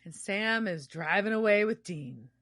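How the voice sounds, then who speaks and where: A woman hosting a podcast, recapping a TV episode in casual chat, animated and swearing freely. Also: medium pitch, measured pace, no room sound. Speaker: podcast host.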